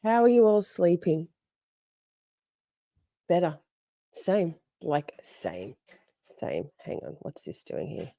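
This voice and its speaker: A chatty woman streams from home in a bubbly, lively voice, taking her time. She swears freely as she greets viewers, and her voice sounds close and dry. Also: lowish voice, slow pace, creaky, long pauses, no room sound. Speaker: livestream host. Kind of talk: casual livestream chat.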